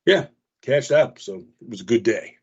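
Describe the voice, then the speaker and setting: A man chats casually on a radio show, spinning a story and slipping into raised voices for the people he quotes. His voice is husky, at an ordinary pitch for a man. The sound is dull and lo-fi. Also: animated, normal speed.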